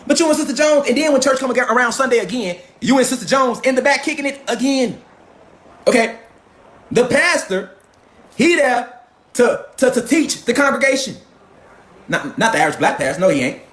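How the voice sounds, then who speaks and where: Man, high voice, profane rant, confrontational, rhetorical questions. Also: lively intonation, brisk, fairly bright tone. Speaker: commentator. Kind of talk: ranting monologue.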